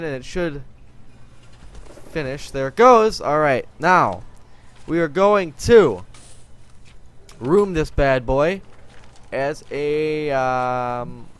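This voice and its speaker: A man giving casual, joking commentary while he plays a prison-building game and talks to himself. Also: a little high.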